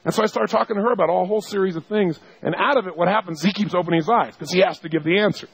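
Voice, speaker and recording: Husky animated male storyteller. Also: high-pitched, racing, no echo, poor audio. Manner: animated storyteller who acts out quotes and laughs. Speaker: seminar speaker. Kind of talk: storytelling to a seminar audience.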